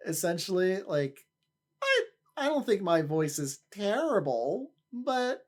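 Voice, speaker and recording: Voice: mid-range voice, very animated, slow pace. A livestreamer in casual chat with viewers, rambling, often repeating and restarting words, and laughing easily.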